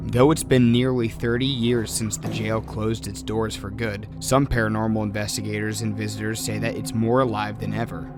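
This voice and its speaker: A young man narrating a paranormal investigation in a calm, low-key scripted manner. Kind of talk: documentary narration and on-site ghost hunt. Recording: narration over loud music.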